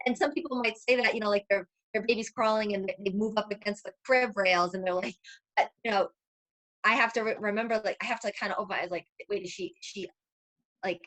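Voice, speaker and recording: A woman co-hosts a casual chat, halting and restarting with plenty of fillers. Her voice sits at an ordinary middle pitch. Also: fairly even intonation, a bit bright. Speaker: co-host. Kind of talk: casual talk-show chat.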